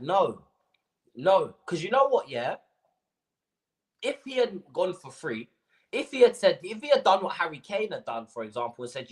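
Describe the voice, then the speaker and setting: Young man, ranting livestream host, lively swooping pitch, slightly high voice. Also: moderate pace. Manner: animated ranting, slangy, repeats himself. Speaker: football fan livestream host.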